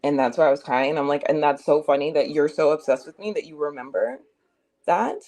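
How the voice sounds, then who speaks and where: With a deep, mellow voice and brisk delivery, a young woman streamer retells a chat argument casually but heatedly, swearing a lot and hitting words hard.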